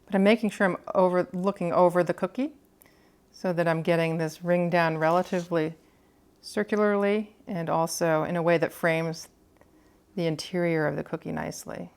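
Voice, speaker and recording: A woman with a fairly low voice walks through a cookie decorating demonstration. She explains each step calmly as she works, thinking aloud about her choices. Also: moderate pace, smooth. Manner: calm, explanatory, thinking aloud while working.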